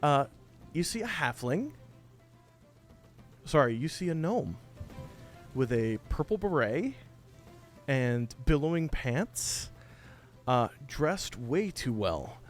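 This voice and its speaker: A man running a tabletop game as game master, narrating in an animated, casual, swearing way. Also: mid-range voice.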